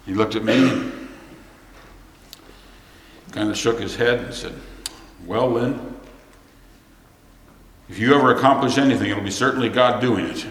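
A man's voice: medium pitch, measured pace, long pauses, slight background noise. Preacher man in an echoey hall. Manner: swings from soft confiding storytelling to rising emphatic preaching. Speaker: pastor. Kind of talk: sermon.

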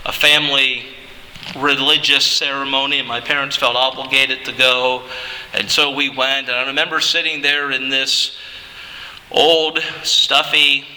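Man, pastor, emphatic sermon, piercingly bright voice, hall reverb. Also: mid-range voice. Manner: emphatic preaching, swelling to shouts.

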